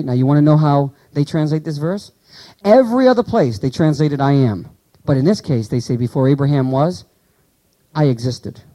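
A man delivers a sermon in a fairly high but mellow voice. He teaches with animated rhetorical questions to his congregation. He reads the scripture passages slowly and with weight. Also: rough recording. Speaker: pastor.

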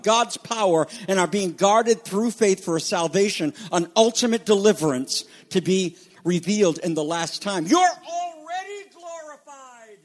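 A man preaching a sermon as pastor, emphatic, swinging between loud declarations and quiet asides. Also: sits high. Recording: long reverb of a large hall.

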